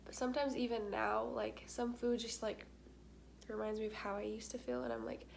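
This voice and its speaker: A woman's voice: on the high side, fairly even intonation, moderate pace, vocal fry, a little hiss or hum. A young adult woman vlogging in casual chat, candid and talkative, with frequent filler words.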